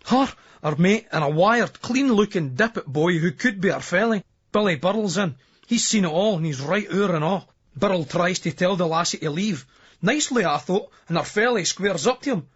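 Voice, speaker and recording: A Scottish man reads a first-person novel in a brisk, earthy dialect, with lots of swearing. His voice sits high and a little husky. The remastered recording sounds dull and lo-fi. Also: expressive, fairly bright tone. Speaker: audiobook narrator.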